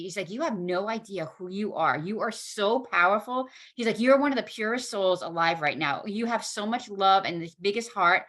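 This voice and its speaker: A woman guest in a casual podcast chat, an animated storyteller who acts out quoted dialogue. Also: mid-range voice, a little fast, few pauses.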